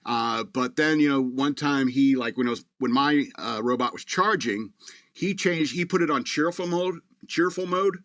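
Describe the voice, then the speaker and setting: A man hosts his radio show in a loose, meandering monologue, circling back with fillers as he talks. His voice sits at an ordinary middle pitch. The sound is dry and close. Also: normal speed, fairly bright tone, no echo. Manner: meandering, full of fillers and restarts. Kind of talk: casual rambling monologue.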